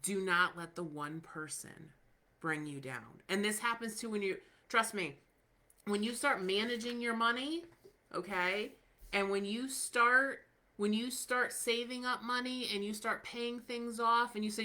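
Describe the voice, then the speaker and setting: A woman's voice: mid-range voice, normal speed, bright, forceful tone. A woman in her thirties hosting a podcast, talking casually and candidly with lots of fillers, encouraging her listeners. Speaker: podcast host.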